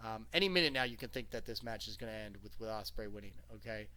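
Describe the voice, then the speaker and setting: A man recapping a wrestling show in a casual, excited, rambling way. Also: fairly low pitch, quick pace. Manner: excited, rambling, lots of "okay?".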